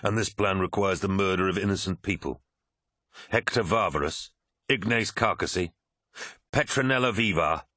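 A man voicing a stern warrior captain who speaks quietly and tersely, holding back his anger, in a dry, husky voice. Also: sits low, moderate pace, dry recording. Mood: bitter.

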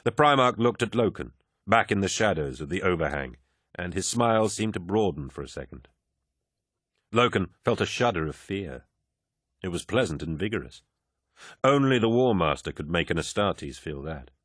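Deep husky male audiobook narrator. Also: animated, moderate pace, fairly bright tone, no echo, studio quality. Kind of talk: scripted narration.

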